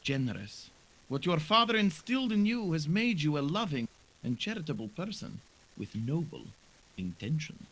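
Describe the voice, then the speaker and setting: A man voicing a mysterious female fortune teller reading tarot cards, slow and portentous. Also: a little high, sing-song, fairly bright tone, pitched above the performer's own voice, heavily acted. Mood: solemn. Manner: slow, solemn, portentous delivery.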